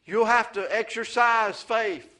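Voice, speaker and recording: A man preaching a sermon, mixing folksy family stories with rising, excited calls of amen. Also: high-pitched, slow pace. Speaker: pastor.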